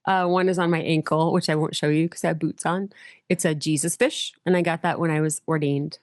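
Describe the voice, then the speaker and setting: A middle-aged woman pastor, a guest on a podcast, telling stories in a lively way and acting out the voices of people in them. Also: deep voice, brisk, dry recording, studio quality. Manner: lively storyteller, acts out quoted voices. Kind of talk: casual storytelling interview.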